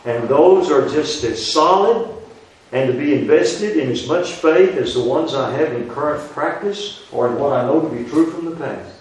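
Brief: small-church preacher, man, slow emphatic sermon delivery, recorded from a distance in a reverberant room. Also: fairly high pitch, animated. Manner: rising emphatic questions, drawn-out stresses. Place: small rural church building. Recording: echoey church room, distant mic, faint hiss.

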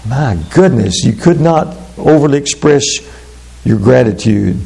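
A man preaching a sermon, speaking slowly and deliberately, then breaking into quick asides. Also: medium pitch, lively intonation, gravelly, dark tone, breathy edge. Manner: measured, drawn-out delivery with sudden fast asides.

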